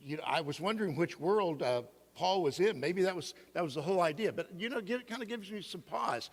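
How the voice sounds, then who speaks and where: Middle-aged male pastor, playful and interactive, slightly high voice, echoing sanctuary. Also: lively intonation, brisk, few pauses. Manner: playful, asks the congregation questions. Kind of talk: sermon. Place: church sanctuary. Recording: long reverb of a church hall.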